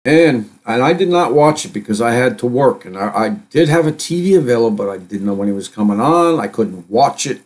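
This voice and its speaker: A middle-aged man hosting a live stream, reading news items aloud and commenting on them in a rambling, halting way with many fillers and restarts. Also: medium pitch, lively intonation, darkish tone.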